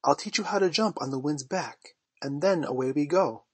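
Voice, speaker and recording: A man's voice: on the high side, moderate pace, husky, no echo. A man reading aloud voices a cocky, sly boy who never grows up, speaking in a coaxing, wheedling way. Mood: eager.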